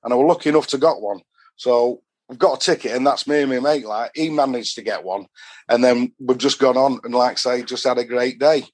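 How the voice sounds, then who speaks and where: A man's voice: medium pitch, a little fast. A middle-aged man from Doncaster with a Yorkshire accent, chatting as a podcast guest and telling long rambling stories full of northern dialect. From Doncaster, Yorkshire, England. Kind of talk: casual storytelling.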